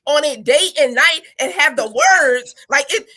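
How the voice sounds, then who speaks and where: A woman with a high, bright voice hosts a faith talk show. She encourages her listeners with rhetorical questions and lively call-and-response. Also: a little slow. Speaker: host.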